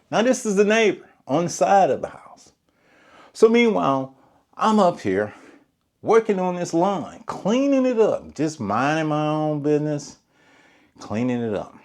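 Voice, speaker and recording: A man, a lawn care business owner, telling a story in a casual, colloquial vlog. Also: mid-range voice. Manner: animated storyteller, Southern colloquial speech.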